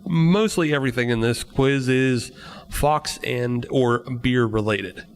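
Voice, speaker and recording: A man's voice: mid-range voice, slow pace, clean tone. A man hosting a podcast, chatting casually, laughing often and reading quiz questions aloud. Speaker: podcast host and quizmaster.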